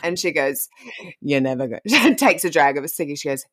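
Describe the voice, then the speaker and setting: A woman's voice: low voice, steady tone, fast talker, dry recording. A woman co-hosting a casual chat, cheeky and crude as she tells a story. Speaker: podcast co-host.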